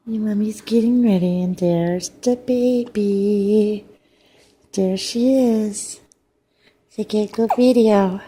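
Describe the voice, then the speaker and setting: An older woman, a grandmother, talks in soft, repetitive baby talk while she films at home. Her voice is mellow and a little breathy, and she speaks slowly and fondly. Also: mid-range voice.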